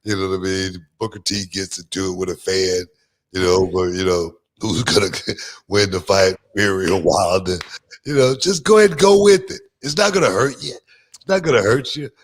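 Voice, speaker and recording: A man hosting a podcast in casual chat, talking loosely with many fillers and growing animated as he tells stories. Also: low-pitched, moderate pace. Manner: loose, filler-heavy, drawling delivery; lively, animated when telling stories. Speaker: podcast host.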